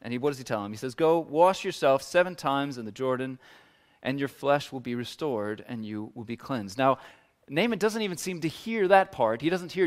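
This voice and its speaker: Male pastor, casual conversational sermon delivery, animated when voicing scripture figures. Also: normal speed. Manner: conversational, acts out biblical figures' words with rising pitch.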